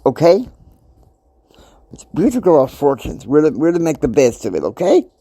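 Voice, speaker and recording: A man in his fifties delivers a motivational podcast monologue with a lively, swooping pitch. He talks emphatically and preachily, dropping into quiet asides, then bursting out loud. The sound is dry and close, with no room in it. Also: normal speed, slightly rough, no echo. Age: 50s. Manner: emphatic, preachy, swings between soft asides and loud outbursts. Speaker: podcast host.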